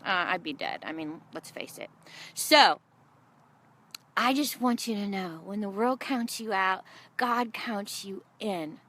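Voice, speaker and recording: A woman's voice: mid-range voice, slow pace. A middle-aged woman preaching a sermon, telling funny stories and acting out the voices in them. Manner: animated storytelling, acts out quotes.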